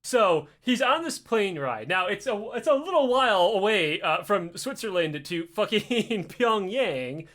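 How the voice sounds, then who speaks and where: A man's voice: sits high, sing-song, measured pace, hardly any pauses, a bit bright. A man casually telling a comic story, swearing often and acting out the voices with laughs. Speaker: podcast host telling a story.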